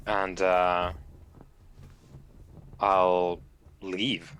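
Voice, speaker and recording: A man's voice: deep voice, level tone, extremely slow, fairly bright tone, clear, resonant tone. A man playing a tabletop game, talking hesitantly and chuckling as he plans moves. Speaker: player. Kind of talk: casual tabletop play.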